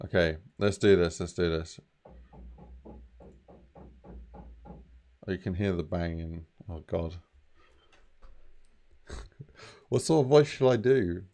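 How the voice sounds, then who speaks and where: A man's voice: low-pitched, slow, long pauses, mellow. A young man who streams game mod development, chatting casually and rambling with lots of fillers. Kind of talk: casual live-stream chat.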